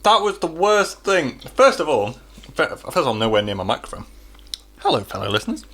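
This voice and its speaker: A man's voice: fairly high pitch, big pitch swings, fairly quick, a bit bright. A young man co-hosting a casual chat podcast, playful and teasing. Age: young adult. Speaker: podcast co-host.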